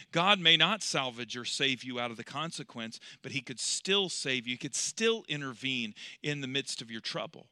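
A male preacher with a high, piercing, very bright voice delivers an evening sermon. He builds to loud, emphatic peaks, then drops into hushed, intimate stretches. The recording is close and completely dry. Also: no room sound. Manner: repetitive preaching cadence with rhetorical questions.

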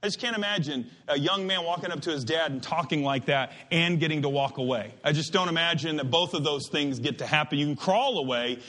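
Bright-voiced animated preacher. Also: male voice, a little high, fairly quick, hardly any pauses. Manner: animated, digressive, emphatic with many restarts. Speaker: pastor. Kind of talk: sermon.

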